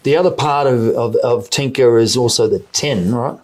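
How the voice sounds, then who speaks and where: This man speaks with a New Zealand accent in an easy, mid-pitched voice. He is answering questions in a conversational interview, often stumbling and repeating words as he works through his explanations. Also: moderate pace, darkish tone. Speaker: mining company executive.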